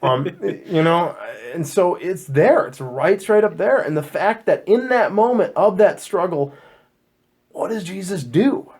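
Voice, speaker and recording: A man with a fairly high voice hosts a casual Bible discussion podcast. He is animated and jokey, and he stumbles over his words and repeats himself as his thoughts run ahead. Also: unhurried, breathy edge. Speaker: podcast host.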